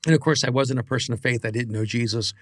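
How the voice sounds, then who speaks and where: A man co-hosting a podcast, giving earnest, reflective advice with halting restarts. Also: medium pitch, fairly even intonation, no echo, studio quality. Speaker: podcast co-host.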